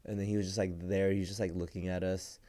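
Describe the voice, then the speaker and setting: A man's voice: sits low, level tone, fast talker, mellow. A young man co-hosting a podcast, telling a story in a rambling casual way, full of "like" and "bro". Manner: rambling, heavy use of "like" and "bro". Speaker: podcast co-host.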